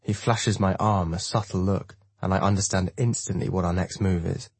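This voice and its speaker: A man reading a first-person audiobook in a measured, even way. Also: deep voice, breathy edge, no echo. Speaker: audiobook narrator.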